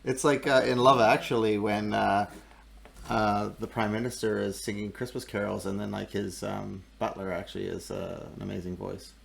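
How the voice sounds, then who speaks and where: Gravelly low-voiced man joking on a stream. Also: normal speed, slight background noise. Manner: joking, relaxed banter. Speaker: host. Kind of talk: casual chat on a live art stream.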